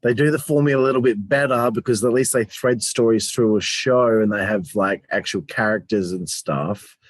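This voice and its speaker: A podcast co-host with a lowish voice chats casually about reviews at a normal speed. He's rambling and hesitant, with some casual swearing, and the recording is dry.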